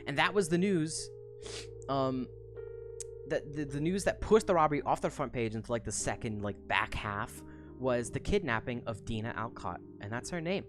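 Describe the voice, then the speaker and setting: A young woman streamer retelling a book in casual chat, profane, rambling and animated. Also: a bass voice, moderate pace, over music.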